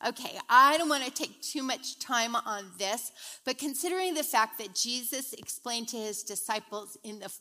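A middle-aged woman teaching a women's Bible study in a chatty, animated way, retelling stories as she goes. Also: a little high, normal speed. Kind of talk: casual devotional teaching.

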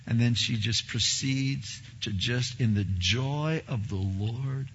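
A man preaching a sermon as a pastor, telling stories in an animated way and acting out the dialogue. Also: mid-range voice, slow, husky, highs cut off. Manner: animated storytelling, acts out dialogue, repeats words.

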